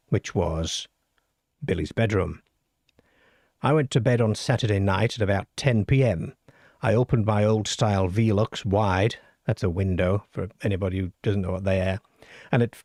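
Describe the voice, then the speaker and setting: With a fairly low pitch and a darkish tone, this middle-aged or older host reads out listener stories on his late-night paranormal call-in program. He chats wryly with the live audience, poking fun at himself along the way. The audio is studio quality, free of echo.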